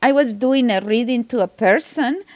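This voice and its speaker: A woman with a foreign accent telling stories in a casual podcast chat. She talks in an animated way, with sudden pitch jumps and frequent laughs. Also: moderate pace, no room sound. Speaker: medium and tarot reader, guest.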